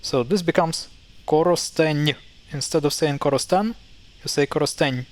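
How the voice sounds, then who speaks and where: A man's voice: a little high, fairly even intonation, moderate pace, darkish tone. Hesitant man explaining pronunciation. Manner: hesitant, many fillers and self-corrections. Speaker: language teacher. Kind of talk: casual explanatory lesson.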